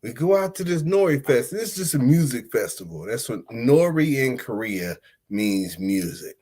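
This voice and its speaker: A man hosting a podcast, telling a story in a casual monologue. He talks in slang and swings between loud outbursts and low mutters. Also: big pitch swings, normal speed. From United States. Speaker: podcast host.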